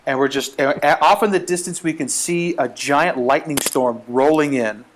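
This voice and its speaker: A man's voice: fairly high pitch, normal speed, a little hiss or hum. A man casually telling a comic travel story, acting out the quotes as he goes. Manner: animated, acts out quotes. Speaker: guest storyteller.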